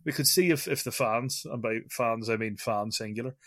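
A man's voice: medium pitch, normal speed, a bit bright, no room sound, studio quality. A man co-hosting a gaming podcast in casual chat, self-deprecating and often trailing off in mumbled asides. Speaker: podcast co-host. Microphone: podcast microphone.

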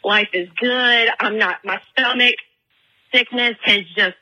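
A young woman leaving a casual voicemail, retelling a story in a chatty, animated way with many fillers. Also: a little high, slow pace, low-quality recording. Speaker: voicemail caller.

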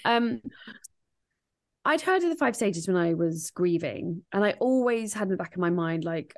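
A woman guest on a podcast talking in a casual interview chat, rambling and animated, laughing often and swearing freely. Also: lowish voice, moderate pace. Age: adult, grieving since 1998. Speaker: guest, grief podcast host and author.

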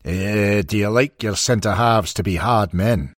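Warm joking Scottish football manager with a burr and low husky tone, read by a male narrator; fatherly, audiobook. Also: no echo, clean studio sound. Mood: warm teasing. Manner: humorous, fatherly, drawn-out "eh"s.

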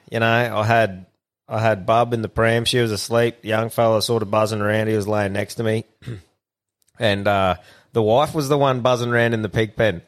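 An Australian man in his thirties co-hosting a podcast, swearing and laughing as he tells stories. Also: on the low side. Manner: laid-back, swears a lot, laughs often. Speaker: podcast co-host. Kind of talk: casual chat.

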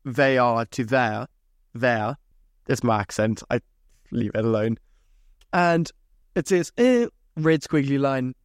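A man's voice: a little high, darkish tone, no room sound, studio quality. A young man hosting his own podcast, ranting in a casual, sweary and exasperated way. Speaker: podcast host. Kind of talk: solo casual podcast rant.

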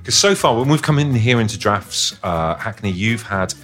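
A man hosts a casual podcast, upbeat and always asking questions. His voice is a touch low. Faint music sits underneath. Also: lively intonation, moderate pace, a bit bright. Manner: upbeat, peacemaking, asks many questions. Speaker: podcast host. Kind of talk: casual chat.

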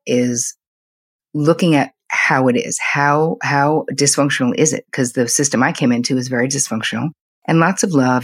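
An older woman with a husky, slightly breathy voice talks candidly, like a therapist sharing stories from her own family. She speaks in quick, animated bursts. The sound is dry and close, with no room around it. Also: very deep voice, dry recording. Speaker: psychotherapist, podcast guest. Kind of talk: conversational interview storytelling.

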